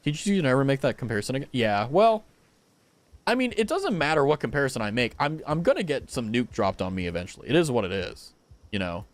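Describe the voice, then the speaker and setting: A young man streaming a game, chatting casually with his viewers, animated and blunt, swearing freely. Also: mid-range voice, fast, no echo. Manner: animated, swearing, talks to chat. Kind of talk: casual live-stream chat.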